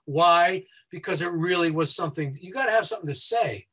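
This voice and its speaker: A man working as a safety consultant. He speaks quickly and explains things step by step as a guest who walks listeners through a website. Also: high voice, a bit bright, husky, poor audio.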